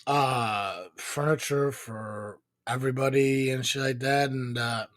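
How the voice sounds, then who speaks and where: Brief: male podcast co-host, mid-pitch, loose and profane, dry close sound. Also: steady tone, takes it slowly, a bit bright, no room sound. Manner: rambling, profane, many fillers. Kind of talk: casual live podcast chat.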